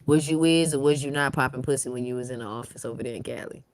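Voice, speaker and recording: A woman's voice: rumbling low, fast, a little hiss or hum. Fiery, foul-mouthed woman co-host. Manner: fiery, profane ranting. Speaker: guest co-host. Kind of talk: casual podcast chat.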